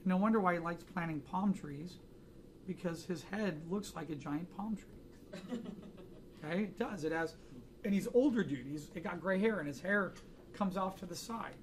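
An American art instructor teaches a drawing class, chatting casually and joking through anecdotes in front of his students. His voice sits high and moves at a moderate pace, with slight background noise.

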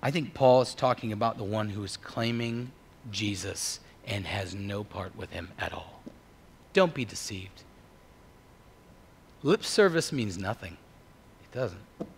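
Lively, emphatic man preaching. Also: on the low side, creaky, a little hiss or hum. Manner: emphatic, swings from hushed to loud. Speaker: pastor. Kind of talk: sermon.

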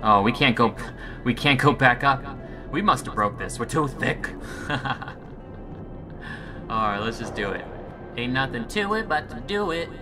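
A man's voice: mid-range voice, lively intonation, moderate pace, music in the background. A man doing let's play commentary on a horror game, joking and talking to the game, easily spooked. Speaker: game streamer.

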